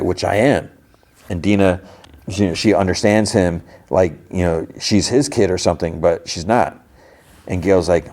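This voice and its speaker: A man's voice: deep voice, fairly even intonation, a little fast, a little mellow. A man hosting a podcast, casually recapping a TV episode and retelling the characters' lines with plenty of fillers and restarts. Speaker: podcast host.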